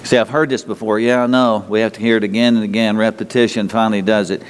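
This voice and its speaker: In a church sanctuary, a man delivers a sermon conversationally, repeating words and posing rhetorical questions to the congregation. His voice is on the low side and clean, level in tone and fast, with a long hall reverb.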